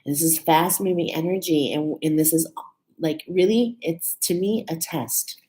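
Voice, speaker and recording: Female card reader, low pitch, casual and chatty, keeps checking in with listeners. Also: normal speed, rough recording. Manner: warm, chatty, with fillers like "okay?" and "right?"; emotional, laughing and near tears at times. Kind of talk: casual live card reading.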